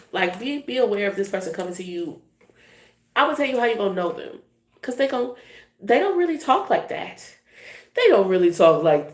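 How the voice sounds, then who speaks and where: A woman's voice: fairly low pitch, echoey room. A woman giving a casual tarot reading in a blunt, emphatic, profane way. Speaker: tarot reader.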